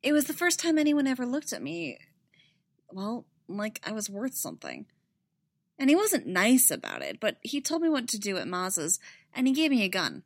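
A shy, hopeful young woman scavenger speaks in a lighter, higher and earnest voice, as a woman reading the story puts her on. She sounds quietly eager. The recording is dry and close, with no room echo. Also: wildly swooping pitch, moderate pace, exaggerated voice. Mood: wistful. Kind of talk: audiobook reading.

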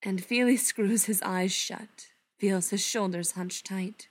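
A woman reading a story aloud, softly and unhurriedly, often dropping to a hush. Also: mid-range voice, steady tone. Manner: soft, unhurried, often hushed. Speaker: reader. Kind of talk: storybook narration read aloud.

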